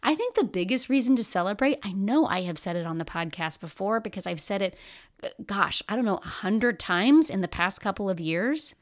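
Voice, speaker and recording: An energetic woman hosts her own coaching podcast, speaking in an emphatic, encouraging voice. She addresses the listener directly, pushing them to act. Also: medium pitch, a little fast. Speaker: podcast host and business coach. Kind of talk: motivational podcast monologue.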